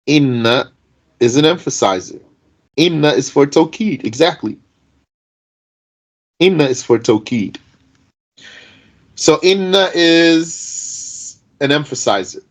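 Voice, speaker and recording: An animated man, teaching Arabic grammar and firing off rhetorical questions. His voice sits a little high, and its pitch swings widely as he stresses each point. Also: takes it slowly, pauses often, rough recording. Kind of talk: explanatory lesson.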